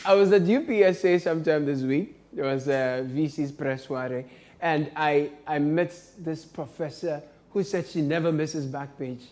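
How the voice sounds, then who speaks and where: A man's voice: on the high side, steady tone, moderate pace. A man hosting a satirical comedy show, joking and laughing often as he talks. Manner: playful, laughs often, mock shouting. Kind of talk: comic satirical commentary.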